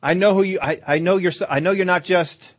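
A man preaching voices a blind male beggar who shouts and pleads for mercy. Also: high-pitched, fairly quick. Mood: fervent.

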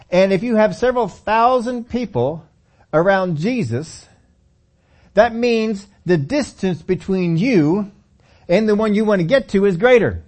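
A man delivering a sermon with a slightly high voice, speaking conversationally and dropping into the voices of the people in his story. His tone moves from casual explanation to emphatic points. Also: a little mellow. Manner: conversational, acts out scripture dialogue. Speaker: preacher.

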